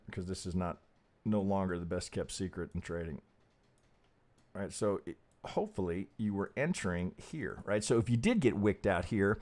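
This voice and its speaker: A man with a fairly low voice talks through charts on a live stream, thinking aloud and swearing as he goes. He keeps checking in with "right?", his pitch jumps up when he makes a point, then drops low and soft when he mutters to himself. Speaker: trading educator hosting a live stream.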